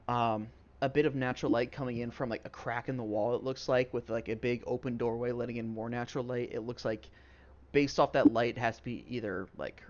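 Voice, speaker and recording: A man running a tabletop game as game master, describing scenes in a loose, rambling, hesitant way with lots of fillers. His voice sits at an ordinary middle pitch. The recording is a little dull and lo-fi.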